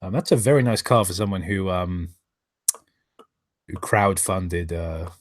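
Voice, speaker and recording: A man's voice: sits low, unhurried, no echo. A man reading aloud and commenting on a live stream, exasperated, sarcastic and swearing often, who stops now and then to thank viewers for donations.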